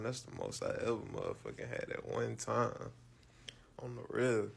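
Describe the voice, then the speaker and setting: A man's voice: mid-range voice, huge pitch swings, normal speed, vocal fry, breathy edge. A man casually telling a personal story, loose and profane, with lots of fillers and repeated words.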